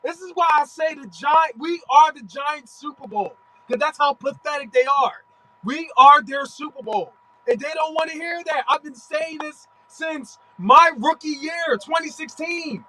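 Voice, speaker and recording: A man calling in to a live stream, trash-talking in animated casual banter. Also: very high voice, unhurried, low-quality recording. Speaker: caller.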